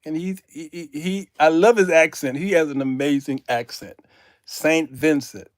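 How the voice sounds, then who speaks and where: A man's voice: a little high, normal speed, dry recording, clean studio sound. A man hosting a casual live stream, telling stories to viewers with frequent laughter. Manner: animated storytelling, laughing often, addressing viewers as y'all. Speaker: host.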